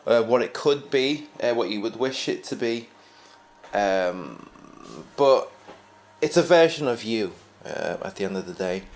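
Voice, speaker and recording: A man talking in a casual, reflective monologue, rambling with frequent restarts as a podcast host. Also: medium pitch. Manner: rambling, many restarts and fillers, musing.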